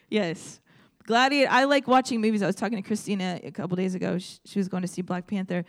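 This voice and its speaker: A woman's voice: medium pitch, steady tone, fast. A young adult woman preaching a sermon in a conversational, storytelling way, speaking directly to her audience.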